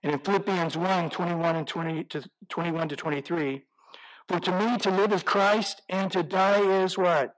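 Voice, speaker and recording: A man delivering a sermon with a fairly high-pitched voice. He reads scripture aloud and stops to ask his listeners rhetorical questions. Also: moderate pace, rough recording. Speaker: pastor.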